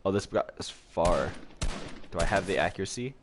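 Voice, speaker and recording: A man co-hosting a casual podcast while playing a video game, excitable and laughing a lot. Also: deep voice, moderate pace, background noise. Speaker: podcast co-host. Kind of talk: casual chat while gaming.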